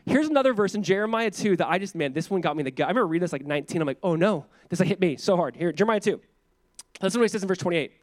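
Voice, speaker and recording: High-voiced young man preaching conversationally. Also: rapid-fire, dry recording. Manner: conversational, animated, acts out quotes. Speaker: pastor. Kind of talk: sermon.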